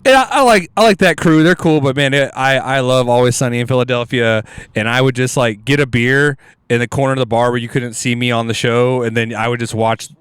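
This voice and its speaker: Male podcast comedian, smooth voice, animated, foul-mouthed storyteller. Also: mid-range voice, fairly quick, no echo. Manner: animated, swearing, laughs often, jumps into loud shouted impressions. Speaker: guest comedian.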